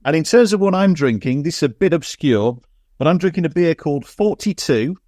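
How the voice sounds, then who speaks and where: A man's voice: a little high, expressive, a little fast, mellow, dry recording, clean studio sound. Chatty male panelist on a video call. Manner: chatty, anecdotal. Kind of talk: casual chat.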